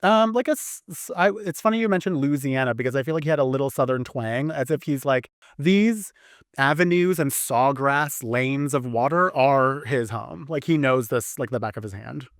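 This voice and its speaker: A man telling a long story in casual podcast chat, animated and chatty with frequent restarts. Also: medium pitch, normal speed, dry recording, studio quality.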